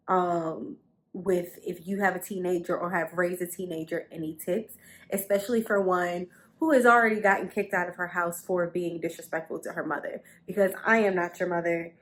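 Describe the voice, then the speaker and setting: Chatty young woman vlogging from her bedroom. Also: on the low side. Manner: chatty, repeats phrases for emphasis. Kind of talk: casual storytelling to camera. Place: bedroom at home.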